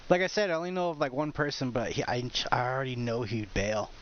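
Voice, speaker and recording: A man's voice: medium pitch, fast talker. A man joining a casual podcast chat with brief, chuckling remarks. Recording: dull hissy line.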